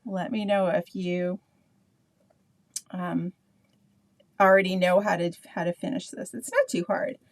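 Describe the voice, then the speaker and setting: A woman's voice: fairly low pitch, fairly even intonation, unhurried, long pauses, no echo. A middle-aged woman with a Canadian accent, leading a live painting tutorial in a chatty, rambling way full of asides to her viewers. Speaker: painting instructor.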